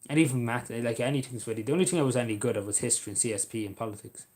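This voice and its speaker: A young Irish man talking casually as he answers viewer questions, halting often with ums and repeating his phrases. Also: medium pitch, a little mellow. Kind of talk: casual Q&A monologue.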